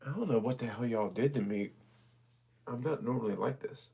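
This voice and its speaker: Gravelly, husky man hosting a livestream. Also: mid-range voice, brisk, warm tone. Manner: heartfelt, thanks viewers by name. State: emotional, near tears. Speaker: livestream auction host. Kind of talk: casual livestream chat with viewers.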